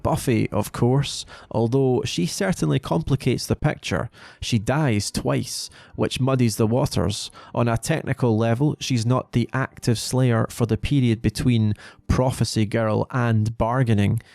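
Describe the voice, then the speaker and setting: A man narrating a lore video in a measured, explanatory way. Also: medium pitch, fairly even intonation, creaky, darkish tone, dry recording. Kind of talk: scripted narration.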